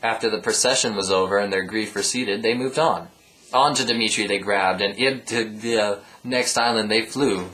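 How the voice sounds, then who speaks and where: A man reading a comic storybook aloud with deadpan ad-libbed asides. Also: lowish voice, normal speed, rough recording. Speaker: reader.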